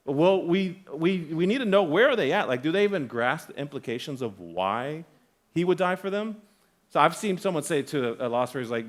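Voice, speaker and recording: A young adult man with a higher-pitched voice and a slightly fast delivery preaches as a guest pastor in a church sanctuary. His sermon is conversational and full of restarts, told as animated storytelling in which he acts out the quoted voices.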